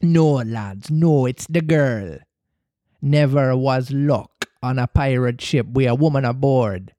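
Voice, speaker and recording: A scheming pirate captain, as a man reads him aloud, cajoling his crew in a slow, drawn-out, theatrical way. The voice sits mid-pitched and the sound is dry and close, with no room around it. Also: warm tone, no room sound, close to an everyday voice. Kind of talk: storybook reading voice.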